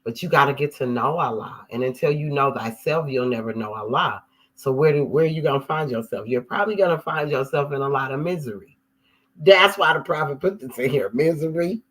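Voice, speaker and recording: A man hosting a casual religious discussion on a live stream, animated and exclaiming when excited. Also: mid-range voice, a little fast, poor audio.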